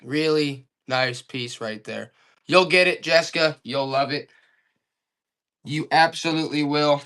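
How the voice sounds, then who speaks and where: A man with a fairly high voice hosts a live auction stream. He hypes each piece with excited seller talk and calls out to his viewers. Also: unhurried. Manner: excited hype salesman talk.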